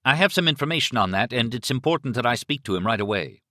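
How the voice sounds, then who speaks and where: A man's voice: medium pitch, lively intonation, quick pace, bright, forceful tone, no echo, studio quality, pitched above the performer's own voice. A male audiobook reader voicing a tense, panicked male novelist who pleads urgently on the phone. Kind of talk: audiobook character voice.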